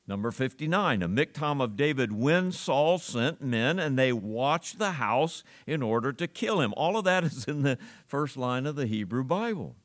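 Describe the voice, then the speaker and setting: A man preaching a sermon in a church, reading scripture slowly with strong emphasis and then explaining it in a conversational way. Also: medium pitch, lively intonation. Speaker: pastor.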